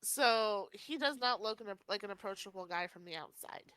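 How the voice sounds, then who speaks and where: A woman's voice: mid-range voice, expressive, normal speed, a bit bright, clear, resonant tone, dry recording. A woman co-hosting a podcast, telling a story in casual chat, laughing often and acting out other people's lines. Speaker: podcast co-host.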